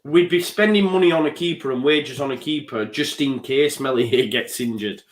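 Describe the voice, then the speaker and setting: Blunt co-host, swears freely, laughs often. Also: male voice, mid-range voice, normal speed. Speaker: co-host of a fan channel. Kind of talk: live stream chat.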